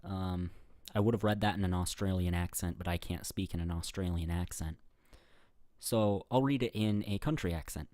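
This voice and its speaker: This YouTuber, a young man, answers viewer questions in a laid-back Q&A vlog, full of fillers, restarts and laughs at his own jokes. He speaks at a normal speed in a low, darkish voice. The sound is dry and studio quality, captured by a webcam setup pointed at the camera.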